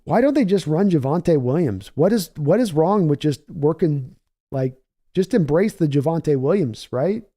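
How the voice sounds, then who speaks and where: A man's voice: fairly high pitch, animated, moderate pace, dark tone. Opinionated man streaming game commentary. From United States. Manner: reads viewer chat aloud and answers conversationally; opinionated, analytical, rambling. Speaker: livestream host. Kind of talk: live game reaction commentary.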